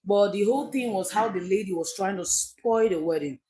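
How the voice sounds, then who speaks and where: A woman's voice: mid-range voice, fairly quick, mellow, slightly rough. A Nigerian woman hosting a casual livestream, chatty and emphatic, often repeating her key phrases. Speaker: livestream host.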